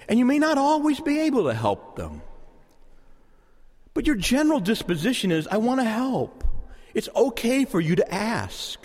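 A male pastor preaching a sermon in a church, lively and conversational, acting out quoted voices and chuckling now and then. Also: sits high, slightly rough. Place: church sanctuary. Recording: long hall reverb.

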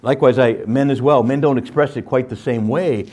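A man teaching scripture in a lively sermon style, often checking in with "right?" and acting out playful voices. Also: medium pitch, brisk. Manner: animated, jumps into playful voices, asks "right?".

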